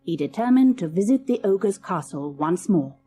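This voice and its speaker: A woman's voice: lowish voice, animated, normal speed, warm tone, slight background noise. A woman narrating a children's storybook audiobook, reading expressively and dramatically.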